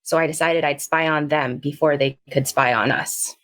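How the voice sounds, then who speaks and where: A woman's voice: low voice, steady tone, moderate pace, a bit bright. A woman voicing a tall, burly, flustered man who wants to be an action star, in a tabletop game. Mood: earnest. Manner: anxious, flustered.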